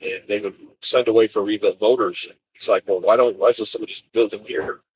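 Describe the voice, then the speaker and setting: A man's voice: on the low side, steady tone, brisk, slight background noise, poor audio. A man driving solo on the road, casually rambling through a story with many restarts. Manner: rambling, restarts sentences, retells conversations. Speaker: expediter truck driver. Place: inside a vehicle on the road.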